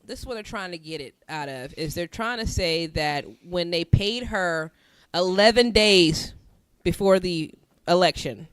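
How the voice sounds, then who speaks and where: A middle-aged woman co-hosting a podcast in casual chat. She talks in an animated, slangy, profane way and laughs often. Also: lowish voice, measured pace, smooth, dry recording. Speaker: podcast co-host.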